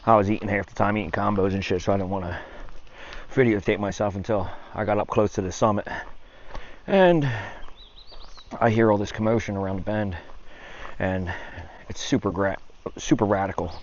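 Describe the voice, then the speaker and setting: A man's voice: fairly low pitch, normal speed. A man out of breath, chatting casually to his camera while climbing a steep mountain trail, swearing now and then. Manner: chatty, swears casually, puffing between phrases. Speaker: hiking vlogger. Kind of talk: casual vlog narration while hiking. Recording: dull lo-fi camera audio with faint noise.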